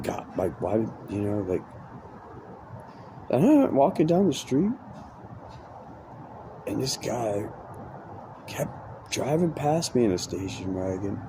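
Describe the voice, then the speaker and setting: A man's voice: fairly low pitch, very animated, slow, pauses often. A man telling a rambling, profane story in casual chat, often breaking off and restarting mid-sentence. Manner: profane, meandering, self-interrupting. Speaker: podcast host. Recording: noisy background.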